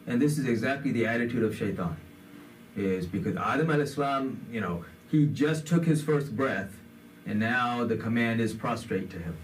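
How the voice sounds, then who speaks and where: A man's voice: medium pitch, expressive, normal speed, recorded from a distance, slight background noise. A man giving a conversational sermon, with many fillers, in a community center hall. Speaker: imam.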